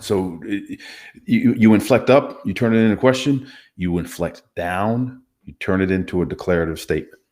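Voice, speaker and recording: A former hostage negotiator with a low voice and darkish tone speaks at a moderate pace. In a conversational teaching interview he explains communication skills emphatically and instructively, demonstrating inflections.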